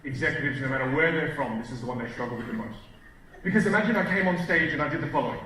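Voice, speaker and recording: Animated male coach in an echoey hall. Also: on the high side, rapid-fire. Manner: animated, shifts volume and pace for emphasis. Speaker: communication coach. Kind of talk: live seminar talk to an audience. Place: stage in a large hall. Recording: very echoey hall, distant mic, faint hiss.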